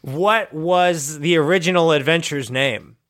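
A man playing a tabletop game, chatting casually about his character, animated and swearing freely. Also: a little high, a little slow. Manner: animated, profane, laughs often. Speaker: player.

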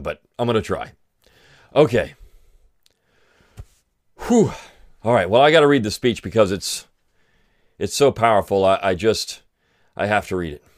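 A man's voice: medium pitch, dry recording, clean studio sound. Sarcastic middle-aged man, mock-tearful. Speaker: podcast host. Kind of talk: sarcastic political commentary.

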